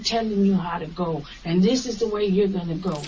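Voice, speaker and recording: A woman taxi driver with a medium-pitched voice, speaking a little fast, recounts an incident during an interview. She tells it animatedly, acting out the quoted dialogue, on a distant, muffled recording with faint hiss.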